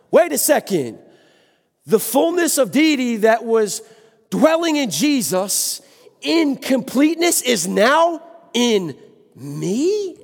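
A man's voice: very high voice, very animated, takes it slowly, creaky. A man preaching a sermon with passion, exclaiming and speaking to the congregation. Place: church sanctuary. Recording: long hall reverb.

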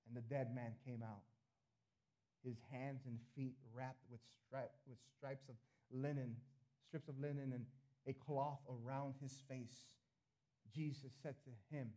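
A male pastor preaching a sermon to a congregation, emphatic, with his voice swelling loud and then dropping low. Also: normal speed, pauses often. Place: church.

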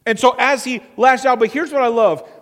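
A man's voice: extremely high pitch, steady tone, moderate pace. A man preaching a sermon as pastor, earnest, with a repetitive preaching cadence. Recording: long hall reverb.

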